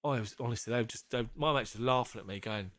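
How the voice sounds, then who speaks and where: A man's voice: mid-range voice, fast, a bit bright, no echo. A man hosting a casual live fan stream. He is jokey, laughs often and swears casually as he chats with viewers.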